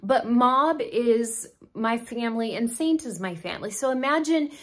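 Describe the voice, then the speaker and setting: A woman's voice: a little high, a little slow. A middle-aged woman makeup artist chatting effusively to her viewers, asking rhetorical questions as she goes. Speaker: makeup artist and beauty vlogger. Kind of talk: chatty direct-to-camera talk.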